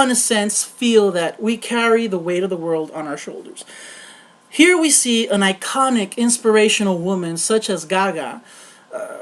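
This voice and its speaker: A woman host reading a scripted film review with earnest tone and wry asides. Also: mid-range voice.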